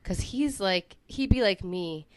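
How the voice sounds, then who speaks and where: A woman's voice: medium pitch, expressive, measured pace. Chatty rambling woman podcast co-host. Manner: chatty, rambling, trails off mid-thought. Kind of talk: casual chat.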